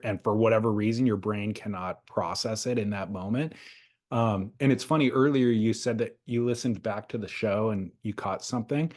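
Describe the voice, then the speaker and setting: A man's voice: on the low side, a little mellow. A man co-hosting a podcast in casual chat, chatty and a little pedantic. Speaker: podcast co-host.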